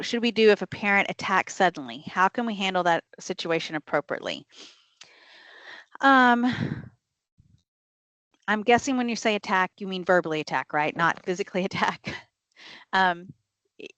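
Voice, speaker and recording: A woman's voice: medium pitch, fairly bright tone, no echo. A middle-aged woman leading a teacher training session, talking conversationally, reading out audience questions and often checking in with "right?". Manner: reads audience questions aloud and answers them.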